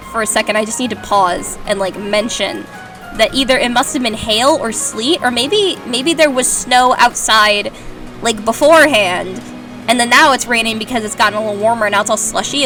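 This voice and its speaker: A woman with an Irish accent, chatting casually and sarcastically while reading fanfiction aloud, rambling and giggling. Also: fairly high pitch. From Ireland. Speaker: host.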